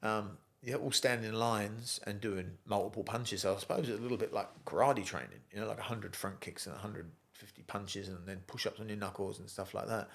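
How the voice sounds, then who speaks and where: A middle-aged man from England with an English accent gone a little Australian, telling rough, funny stories in a relaxed interview. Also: fairly low pitch, brisk, hardly any pauses. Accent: English, softened toward Australian. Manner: chatty yarn-spinner, swears freely, laughs through stories. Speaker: guest, gym founder. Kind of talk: casual storytelling interview.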